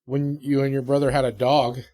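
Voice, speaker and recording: A man's voice: medium pitch, flat delivery, a little fast, warm tone, slight background noise. A middle-aged man hosting a podcast, chatting casually and laughing easily. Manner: laughs easily, eager and amused. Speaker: podcast host. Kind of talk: casual chat.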